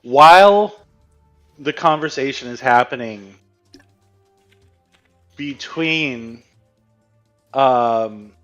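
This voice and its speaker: A man's voice: medium pitch, very slow, pauses often, fairly bright tone, highs cut off, faint music behind. A man narrating as game master in a tabletop game, hesitant and full of fillers.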